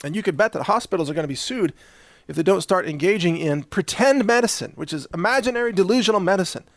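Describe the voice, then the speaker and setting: A man's voice: high-pitched, expressive, quick pace, no room sound, studio quality. A man hosting an opinion commentary show, talking in a sarcastic, mocking way. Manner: sarcastic, mocking, acts out quoted voices. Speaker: host.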